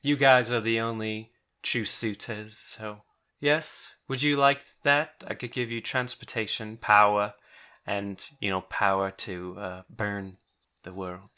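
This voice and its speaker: A man voicing a polite gnoll gentleman in a monocle, with a mannered accent that slips on and off. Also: fairly low pitch, steady tone, slow pace, clear, resonant tone. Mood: courteous. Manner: mannered, a put-on accent that comes and goes.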